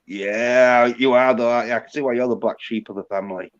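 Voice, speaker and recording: A man's voice: mid-range voice, steady tone, fairly quick. A man hosting a livestream, rambling and teasing his guest with casual, heavy swearing. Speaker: livestream host. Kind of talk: casual profane banter. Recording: dull lo-fi stream audio.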